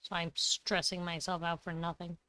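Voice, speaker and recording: In casual gameplay commentary on a farming game, a young woman chats freely, addresses the characters on screen and frequently laughs and coughs. She speaks at normal speed in a lowish, bright, forceful voice with little pitch movement and no room sound.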